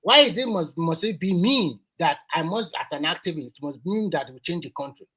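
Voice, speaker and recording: A man, an activist on a live panel, arguing emphatically, repeating himself and getting loud. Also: fairly high pitch, lively intonation, normal speed, breathy edge. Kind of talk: heated panel discussion.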